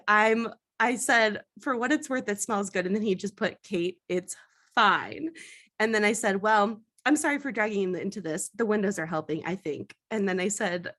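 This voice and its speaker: A young woman co-hosting a podcast, telling a story in casual chat, animated and laughing at herself. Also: mid-range voice. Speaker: podcast co-host.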